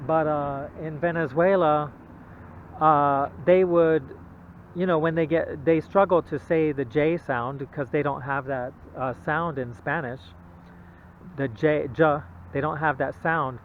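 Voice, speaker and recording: A man with a fairly high voice teaches about the Bible in a halting, repetitive way, stopping to ask "okay?". The sound is thin and phone-like, with a faint hum of traffic behind him. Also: fairly even intonation. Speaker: religious video presenter. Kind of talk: informal Bible teaching monologue. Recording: tinny phone-like audio.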